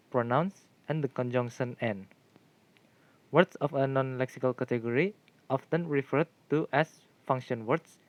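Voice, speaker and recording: Brief: young male student presenter, steady read from notes, dry close sound. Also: medium pitch, no echo, highs cut off. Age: young adult. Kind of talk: read-aloud class presentation.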